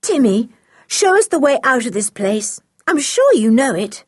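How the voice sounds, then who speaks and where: A woman voicing an excitable young girl who is fiercely loyal to her dog, with high, shrill cries. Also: a little slow, husky, dry recording, studio quality, full character voice. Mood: coaxing.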